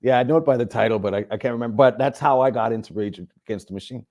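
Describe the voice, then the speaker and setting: A man from Canada, a rapper, guesting on a podcast in easygoing chat. His voice is mellow and sits at a middle pitch for a man. He rambles a little as he talks. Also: racing. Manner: laid-back, rambling, laughs often. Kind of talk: casual chat.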